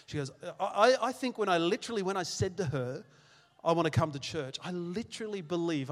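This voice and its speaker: A middle-aged pastor preaches with a notably high voice, stressing and repeating his key phrases. He slips in self-deprecating jokes between earnest points. His voice carries a long reverb from a church hall. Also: animated, brisk. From Australia. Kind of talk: sermon. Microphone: handheld microphone.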